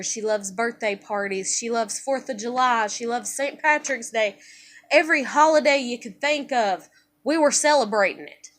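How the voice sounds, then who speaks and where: A woman's voice: fairly high pitch, fairly bright tone. A young woman venting in a personal vlog, profane and exasperated as she rants. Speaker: vlogger.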